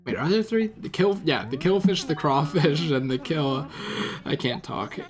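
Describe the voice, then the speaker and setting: A man's voice: fairly high pitch, animated, normal speed. A man giving casual gameplay commentary, rambling, stumbling over his words and swearing offhandedly. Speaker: let's play gamer. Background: video game music.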